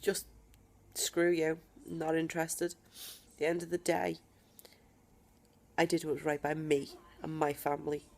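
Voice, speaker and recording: A woman talking straight to camera from home in a personal video diary, emphatic and defiant, with deliberate pauses. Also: sits low, vocal fry, a little mellow, slight background noise. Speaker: vlogger.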